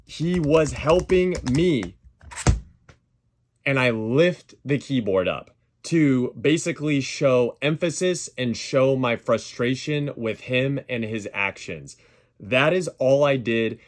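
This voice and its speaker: A man talking through a dispute as commentary over clips. He sounds defensive and emphatic, pressing each point hard. His pitch sits in a plain middle range. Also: lively intonation, takes it slowly. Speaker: YouTuber responding to a dispute.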